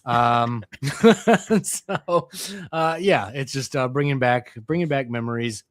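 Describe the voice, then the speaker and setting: A man's voice: medium pitch, takes it slowly, no room sound, clean studio sound. A man hosting a live call-in political talk show, joking and mocking with a co-host. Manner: laughing, mocking, lively delivery.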